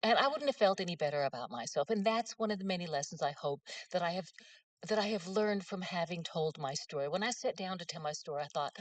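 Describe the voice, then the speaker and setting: A woman's voice: lowish voice, lively intonation, quick pace, dry recording, distant mic. A middle-aged woman, telling humorous, self-mocking stories in an author's talk. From West Virginia. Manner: folksy, self-mocking storyteller.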